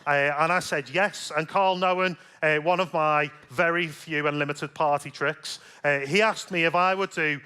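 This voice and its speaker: Bright, lively preacher man. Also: on the high side, normal speed, hardly any pauses, clear, resonant tone. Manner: chatty storytelling with self-deprecating humor. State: slight cold. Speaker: pastor. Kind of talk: sermon.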